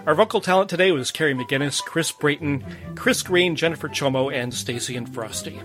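A man's voice: on the high side, brisk, a bit bright, faint music behind. A man hosting a podcast in a chatty, playful way, often laughing. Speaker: podcast host. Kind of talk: casual podcast chat.

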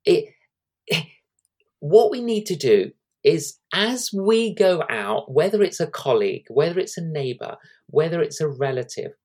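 Older guy evangelist, telling stories in an interview, acts out the quotes. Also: a little high. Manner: animated anecdotes with acted-out quotes. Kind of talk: storytelling guest in an interview.

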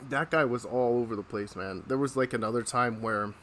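A man hosting a relaxed podcast, telling stories in a casual way. He laughs often and acts out the people in his stories, and his pitch sits in a middle range. A faint hiss sits behind his voice. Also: brisk. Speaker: podcast host. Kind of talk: casual storytelling.

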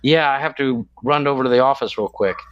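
A man's voice: mid-range voice, brisk, highs cut off, crowd noise. A man co-hosting a podcast in casual chat, rambling with many restarts and searching for words. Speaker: podcast co-host.

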